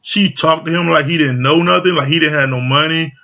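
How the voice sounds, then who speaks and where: A man's voice: a little high, brisk, creaky, bright, forceful tone. A man casually recapping a reality show, talking loosely with lots of slang and fillers. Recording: dull lo-fi audio.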